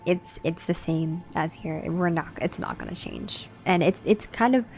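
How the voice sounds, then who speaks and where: A woman's voice: lowish voice, lively intonation, normal speed, darkish tone, faint music behind. A young woman, hosting a livestream and chatting casually with her viewers in a laid-back way. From Southern California. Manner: chatty, laid-back, reads and answers chat. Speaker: livestream host.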